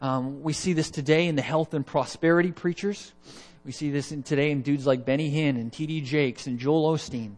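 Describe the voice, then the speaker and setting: Male preacher, sermon, earnest, stumbling restarts, slightly higher voice. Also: steady tone, fairly quick, a little mellow. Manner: earnest, with frequent restarts and repeated words. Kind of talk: expository sermon.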